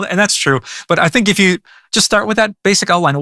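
A man's voice: high voice, big pitch swings, a little fast, pushed and bright, dry recording, studio quality. A male pastor teaching about prayer in an earnest, conversational way, often stammering and repeating words. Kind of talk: devotional teaching.

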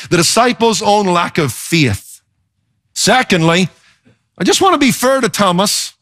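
A male pastor preaching a sermon in an expressive, emphatic way, often swinging his pitch for effect.

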